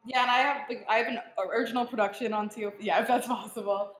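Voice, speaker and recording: A young woman in her twenties talks casually as a guest, spilling a story with plenty of fillers. Her voice sits a touch high, and the room around her rings with echo. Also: fairly even intonation, fast. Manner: chatty storytelling with frequent fillers. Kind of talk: casual chat.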